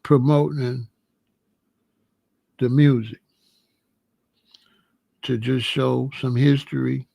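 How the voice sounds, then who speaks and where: A middle-aged American man hosting his own show, telling stories in an animated, rambling way and repeating phrases as he goes. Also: mid-range voice, slow pace, gravelly, long pauses, no room sound. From United States. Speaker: host. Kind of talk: casual storytelling chat.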